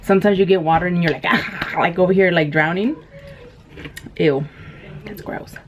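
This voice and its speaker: A woman mukbang vlogger eats on camera while telling stories casually, chatting away, laughing often and using many fillers. Her voice is on the low side at a normal speed. The camera audio is dull and lo-fi with faint noise.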